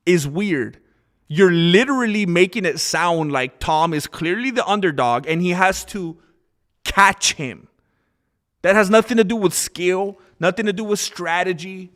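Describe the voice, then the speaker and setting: A man's voice: high voice, normal speed. A man streaming live, arguing and ranting in casual commentary. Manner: animated, argumentative ranting.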